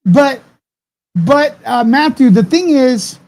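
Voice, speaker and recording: A man's voice: very high voice, animated, slow, a little mellow. A man hosts a live commentary stream and rants to his viewers. He curses freely, trips over his own restarts, and keeps circling back to the same point. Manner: heated, profane, rambling with restarts.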